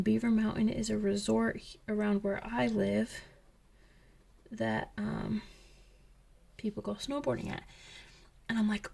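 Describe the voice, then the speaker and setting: A young woman and coloring channel host chatting casually as she tells a story, slipping into whispers when excited. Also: a little high, normal speed, gravelly, breathy edge. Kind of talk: casual chat while coloring.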